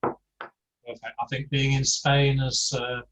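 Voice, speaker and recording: A man's voice: medium pitch, little pitch movement, takes it slowly, fairly bright tone. An older man leading a language class over a video call, hesitant and full of ums. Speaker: course tutor. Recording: dull video-call audio.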